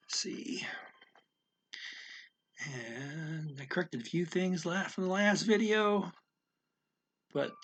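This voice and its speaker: A man thinking aloud as he explains a language lesson, halting often with fillers and restarts. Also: on the high side, husky. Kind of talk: casual spoken language lesson.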